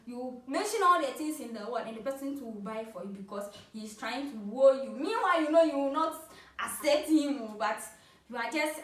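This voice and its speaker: A Ghanaian woman in her twenties telling funny personal stories to camera in a playful, animated way, laughing often. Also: a little high. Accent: Ghanaian English. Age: 20s. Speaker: vlogger. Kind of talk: casual storytelling to camera. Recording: roomy, from a distance.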